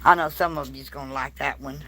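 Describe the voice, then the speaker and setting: A woman's voice: very deep voice, fairly even intonation, brisk, bright, forceful tone, a little hiss or hum. A woman, filming a casual vlog walk-through of an indoor shop on a handheld phone, exclaiming and gushing over what she sees. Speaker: vlogger.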